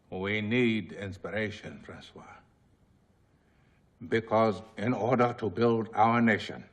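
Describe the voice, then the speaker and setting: An actor playing a calm older South African leader, speaking with a South African accent in a slow, measured, solemn way. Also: male voice, lowish voice.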